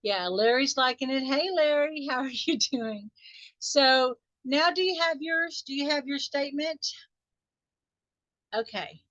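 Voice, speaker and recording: Give me a higher-voiced woman coaching a live online group, with dull lo-fi call audio. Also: measured pace, no echo. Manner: warm, encouraging, talks straight to listeners. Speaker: wealth mindset coach hosting a weekly group. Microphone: video call microphone.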